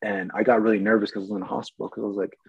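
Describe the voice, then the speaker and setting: Gravelly, husky man telling stories. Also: fairly low pitch, steady tone, no room sound, lo-fi sound. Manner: rambling, self-amused, halting restarts. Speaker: actor guest. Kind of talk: casual storytelling.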